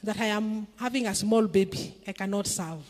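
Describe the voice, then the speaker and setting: A woman's voice: mid-range voice, normal speed, a little mellow, in a large hall. A middle-aged woman from Kenya preaching a sermon in a church, emphatic and asking the congregation questions. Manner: emphatic, call-and-response questions.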